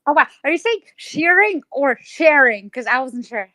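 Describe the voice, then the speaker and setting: A woman in casual chat, reacting with quick surprise. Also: sits high, big pitch swings, sharp tone, no echo.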